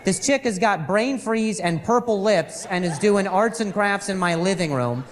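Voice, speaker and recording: Lively, halting male stand-up comic. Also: high-pitched. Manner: halting delivery with repeated words and hums. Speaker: stand-up comedian. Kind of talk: stand-up comedy set. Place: live comedy stage.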